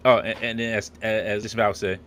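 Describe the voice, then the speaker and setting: A man's voice: lowish voice, little pitch movement, normal speed, fairly bright tone, slight background noise. A man hosting a casual podcast, joking and rambling with many restarts. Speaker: podcast host. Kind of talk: casual chat.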